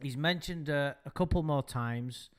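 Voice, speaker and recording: A man's voice: on the high side, a little slow, smooth. A man co-hosting a casual podcast chat, rambling and amused, swearing now and then. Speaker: podcast co-host.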